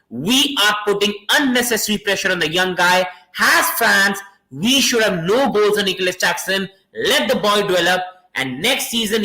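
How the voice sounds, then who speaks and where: A man with a high, bright voice hosts a casual live fan stream, talking with passion and calling his viewers bro and guys over and over. His voice rings in a roomy, echoey space. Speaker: football fan channel host. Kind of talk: live stream fan chat reacting to comments.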